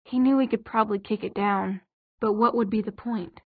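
A woman narrating an audiobook in a measured, husky voice, on a tinny, dry recording. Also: medium pitch, steady tone, no echo.

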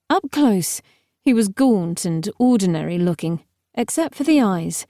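An audiobook narrator reads a novel in a wry, even manner, delivering scripted narration. Her mid-range voice moves a little slowly. The sound is dry and close-miked, with no room sound at all.

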